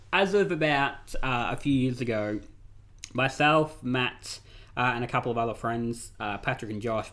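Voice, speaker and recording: A man co-hosting a podcast in casual chat, talking in an excited, animated way. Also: medium pitch. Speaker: podcast co-host.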